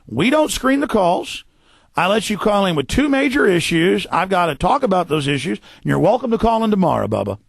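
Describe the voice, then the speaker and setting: A man hosting a radio talk show, ranting fast and forcefully, tripping over repeated words. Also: high voice, very animated, gravelly, no room sound. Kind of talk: heated radio monologue. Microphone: studio microphone.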